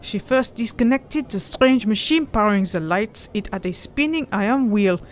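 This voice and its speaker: A woman hosts a let's play, reading the game's story text aloud and chatting between passages. She's giggly, often bursts into laughter, and tries out silly voices, using a mid-range voice with lively intonation at a moderate pace. Faint background noise is present.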